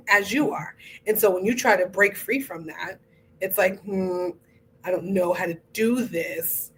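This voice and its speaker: A woman hosting a casual interview podcast, talking in an animated, chatty way and acting out inner voices with slang. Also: lowish voice, slight background noise. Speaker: podcast host.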